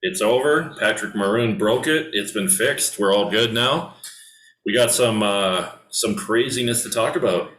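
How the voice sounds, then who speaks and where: A man's voice: lowish voice, measured pace, a bit bright, reverberant, low-quality recording. A man hosting a casual hockey podcast, talking loosely with many ums and restarts. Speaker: podcast host. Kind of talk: casual sports chat.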